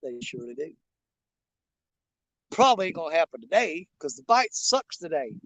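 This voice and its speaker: A man's voice: fairly high pitch, sing-song, normal speed, a bit bright, dry recording, low-quality recording. A man, a fishing vlogger talking casually from a riverbank in a folksy, rambling way. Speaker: fishing channel host. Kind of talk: casual vlog talk while bank fishing. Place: outdoors on a riverbank.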